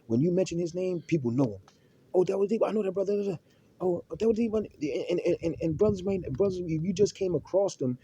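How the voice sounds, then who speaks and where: In this unscripted religious monologue, a Muslim man gives advice in a slightly high, warm, husky voice. He stumbles often, restarting and repeating words, and sprinkles in Arabic terms.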